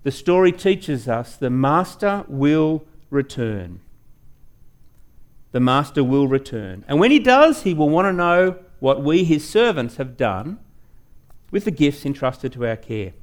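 A man preaching a sermon as pastor, emphatic, slowing down to stress key words and questioning his congregation directly. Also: very animated. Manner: rises and falls sharply in pitch and loudness.

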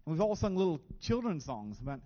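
Male pastor, fairly high voice, earnest sermon delivery, muffled lo-fi recording. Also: very animated, fast talker, warm tone. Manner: earnest, repeats words when stressing a point.

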